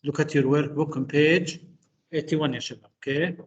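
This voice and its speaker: A man's voice: a little high, steady tone, brisk, echoey room, highs cut off. A man teaching an English class online, patient and mixing in Arabic words.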